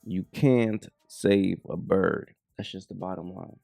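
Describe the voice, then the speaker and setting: A man's voice: low voice, steady tone, takes it slowly, gravelly, warm tone, no room sound, clean studio sound, soft background music. A man reacting to video clips, preaching bluntly to the fellas. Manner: preachy, addresses the fellas directly. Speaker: reaction commentator. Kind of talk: commentary on clips.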